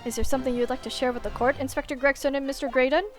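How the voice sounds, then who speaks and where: A woman's voice: high-pitched, steady tone, rapid-fire, over music, close to an everyday voice. A woman voicing an earnest young male defense lawyer in a video game, formal and polite.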